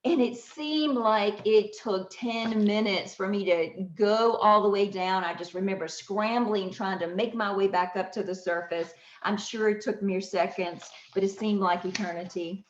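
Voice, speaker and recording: A woman's voice: mid-range voice, a little slow, few pauses. A woman tells a personal story on her podcast, laughing often and acting out the voices of others. Her voice sits in the middle of the usual range for a woman. The sound is roomy and a little dull. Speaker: podcast host. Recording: roomy, slightly dull audio.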